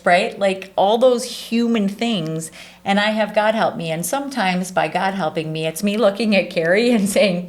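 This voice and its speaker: A woman's voice: medium pitch, moderate pace. A woman in her forties speaking earnestly and from the heart in a casual interview, often saying "like" and "right". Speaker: charity staff leader.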